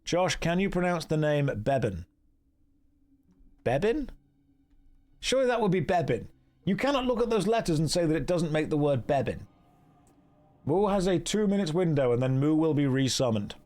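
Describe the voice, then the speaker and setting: A man's voice: fairly high pitch, big pitch swings, fairly quick. An English man streaming an online game, chatting casually with viewers and reading out their messages in a wry, teasing way. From England. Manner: chatty, wry and teasing, thanks donors warmly.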